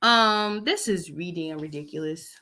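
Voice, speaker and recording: A woman's voice: lowish voice, normal speed, pushed and bright. A woman in her thirties giving casual commentary on news stories, blunt and emotional, sighing often as she reads. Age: 30s. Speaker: vlogger reading the news.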